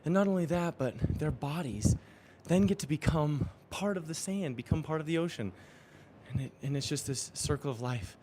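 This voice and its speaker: A man voicing a gentle old grandfather, speaking tenderly and consolingly in a parable. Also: fairly high pitch, moderate pace, slight background noise, lightly acted.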